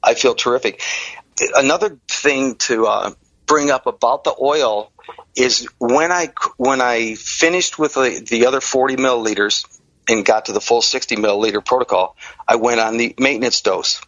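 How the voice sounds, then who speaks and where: Middle-aged guy from detroit telling his story, lively, dull dry lo-fi sound. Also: medium pitch, normal speed, dry recording. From Detroit area, Michigan. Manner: animated storyteller, acts out quoted voices. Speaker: interviewee. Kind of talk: personal story in an interview.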